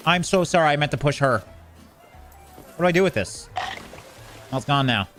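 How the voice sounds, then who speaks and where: A man's voice: fairly high pitch, moderate pace, pauses often, a bit bright, faint music behind. Exasperated man commenting on gameplay. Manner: joking, exasperated, talks to game characters. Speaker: gaming video creator.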